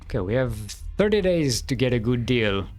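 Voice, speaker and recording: Guy streaming a game, thinking out loud, mid pitch, humming bits, soft music in the back. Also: big pitch swings, moderate pace. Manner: thinks aloud, hums and mutters to himself. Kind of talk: casual gameplay commentary.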